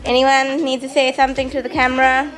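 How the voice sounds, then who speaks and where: High-voiced playful woman. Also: level tone, fairly bright tone, faint music behind. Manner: playful, quick to laugh at herself. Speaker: family member on holiday. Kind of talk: casual family chat on camera.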